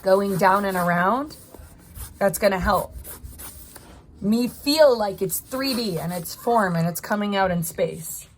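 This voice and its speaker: A woman's voice: medium pitch, takes it slowly, a little hiss or hum. A woman art teacher talking through a drawing as she works, encouraging her viewers step by step. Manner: encouraging, talks while drawing. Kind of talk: live drawing tutorial.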